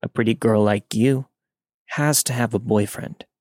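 A man's voice: on the low side, fairly even intonation, measured pace, darkish tone, dry recording, natural voice. A man reading the lines of a pushy, leering middle-aged male trucker with a Southern drawl, in a dry close recording. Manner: leering, drawling, turns crude and aggressive.

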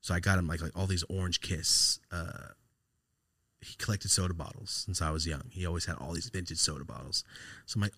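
A man hosting a podcast, telling a personal story in a raw, profane, halting way, his voice sometimes sinking almost to a whisper. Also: low-pitched, fairly even intonation, creaky, sharp tone, no echo, studio quality. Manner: raw, profane, halting, drops to a near-whisper when upset. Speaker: podcast host. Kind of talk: casual storytelling.

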